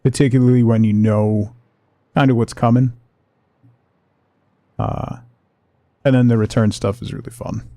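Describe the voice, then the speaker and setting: Creaky, mellow-voiced male streamer. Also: medium pitch, unhurried, pauses often, dry recording, clean studio sound. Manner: relaxed, rambling, talks to chat. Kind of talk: casual livestream chat while gaming.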